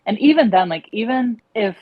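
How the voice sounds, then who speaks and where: A woman's voice: on the high side, lively intonation, moderate pace, no room sound, highs cut off. A woman guest on an online call, venting her anger with lots of swearing. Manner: angry, profane venting. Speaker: interview guest.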